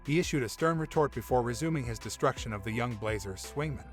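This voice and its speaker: A man giving steady, informative scripted narration about sports history. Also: medium pitch, fast, soft background music.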